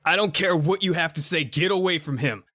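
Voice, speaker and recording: A man voicing an alarmed suburban homeowner who shouts and stammers threats at a monster in his backyard. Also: lowish voice, fast, close to an everyday voice. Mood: yelling.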